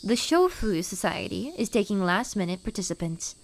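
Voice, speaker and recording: A woman reading a village festival notice in a put-on, measured reporter voice. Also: medium pitch, sing-song, a little hiss or hum, close to an everyday voice. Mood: formal. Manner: measured, formal announcer delivery. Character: formal village notice announcer.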